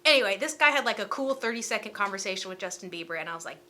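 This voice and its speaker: A young woman in her twenties telling a casual storytime vlog, chatty and animated and full of filler words. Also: mid-range voice, very fast, few pauses, slight background noise. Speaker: storytime vlogger.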